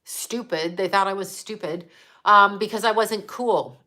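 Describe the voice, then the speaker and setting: Middle aged psychic lady ranting on a livestream, bright punchy voice, blunt, swears a lot. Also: mid-range voice, a little slow. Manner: blunt and emphatic, swears freely. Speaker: psychic medium. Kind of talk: casual livestream monologue.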